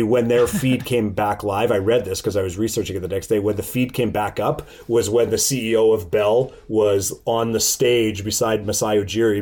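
A man telling a story in casual chat, animated, swearing and laughing often. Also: on the low side.

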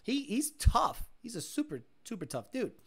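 A man hosting a casual livestream chat, rambling and swearing, breaking into loud mimicked sounds. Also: very high voice, wildly swooping pitch, moderate pace, gravelly, breathy edge. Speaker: livestream host.

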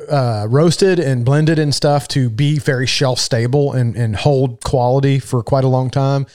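A man's voice: mid-range voice, a little mellow. Young guy on a live stream, laid-back, swears a lot, talks coffee with a buddy. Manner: profane, laid-back banter. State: mild sinus infection. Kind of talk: casual chat.

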